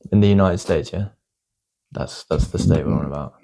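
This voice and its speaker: A man's voice: low-pitched, moderate pace, gravelly, dark tone. A man chatting as a guest on a casual podcast, answering with incredulous, joking banter and casual swearing. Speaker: podcast guest, host's cousin.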